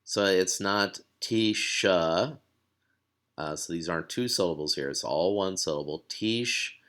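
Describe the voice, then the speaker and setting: A man's voice: sits low, brisk, a bit bright. A man teaching a recorded language lesson, explaining patiently with fillers and repeated words.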